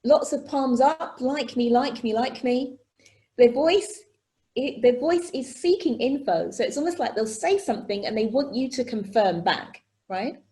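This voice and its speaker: Woman workshop presenter on a video call, animated and conversational, tags lines with checks like "okay?". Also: a little high, normal speed. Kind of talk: live online workshop teaching.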